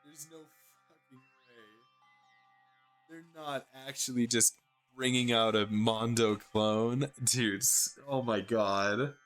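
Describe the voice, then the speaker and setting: Brief: male streamer, unhurried, bright and forceful, soft music behind. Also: medium pitch. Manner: swearing, incredulous. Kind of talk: reading a visual novel aloud with reactions.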